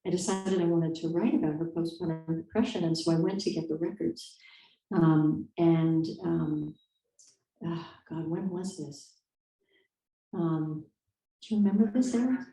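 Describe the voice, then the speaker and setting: A woman's voice: low voice, unhurried, warm tone. A woman author answering interview questions in a thoughtful, hesitant way, with many fillers and restarts. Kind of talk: conversational interview. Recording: echoey room, distant mic.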